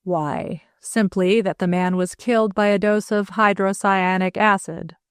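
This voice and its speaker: A steady, reasoning gentleman, as a woman narrator voices him, weighing each point deliberately. His tone stays measured and even. The reading is close and dry. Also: medium pitch, clean tone, dry recording, close to an everyday voice.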